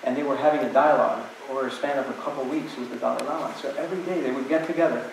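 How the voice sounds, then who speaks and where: A man's voice: mid-range voice, rapid-fire, vocal fry, slight background noise. A man giving an inspirational talk to an audience, telling stories in a conversational way with many asides. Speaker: guest speaker. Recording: very echoey hall, distant mic.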